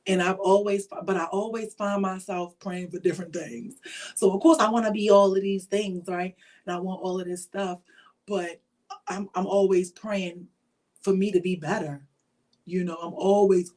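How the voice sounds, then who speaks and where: A woman hosting a show, chatting casually and openly with her viewers and reading their comments aloud. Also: on the low side. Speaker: podcast host.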